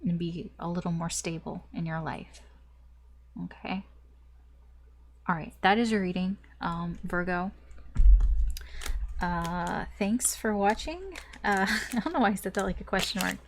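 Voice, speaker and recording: A woman's voice: lowish voice, fairly even intonation, a little slow, pauses often, slight background noise. A woman doing a casual tarot reading to camera, rambling with many fillers and restarts, and swearing now and then. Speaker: tarot reader.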